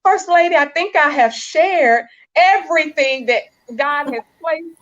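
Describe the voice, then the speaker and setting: A woman's voice: sits high, animated, unhurried, a bit bright, highs cut off. A woman marriage coach giving a faith-based talk to wives, earnest and exhorting, often repeating phrases for emphasis.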